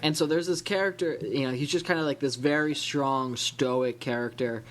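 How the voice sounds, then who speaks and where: A man from the Illinois-Wisconsin area hosts a casual comic book podcast, rambling with lots of restarts and fillers. His mid-range voice keeps a fairly even intonation at a normal speed, with a little hiss or hum present.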